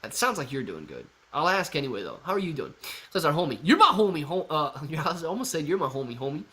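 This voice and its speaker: A young man hosting a casual live stream, reading viewer chat aloud in an excitable, chatty way and calling people bro and man. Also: on the high side, fast. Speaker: livestream host reading chat.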